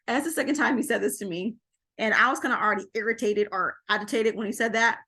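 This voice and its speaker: Middle-aged woman, parenting coach talking to camera; animated, laughs easily, repeats key phrases. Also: medium pitch, moderate pace. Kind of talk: casual talk to camera.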